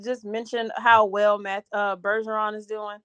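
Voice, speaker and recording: This woman co-hosts a sports podcast and drops into the talk with short anecdotes and easy laughs. Her voice sits at an ordinary middle pitch and stays conversational throughout. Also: little pitch movement, normal speed, a bit bright, clean tone, dry recording. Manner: chatty, laughs, tells anecdotes. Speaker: podcast co-host. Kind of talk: casual sports chat.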